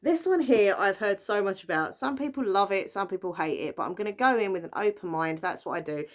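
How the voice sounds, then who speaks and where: A woman's voice: medium pitch, expressive, brisk. A young woman chatting casually about books she bought, rambling with plenty of fillers. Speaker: book vlogger. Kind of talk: casual book haul chat.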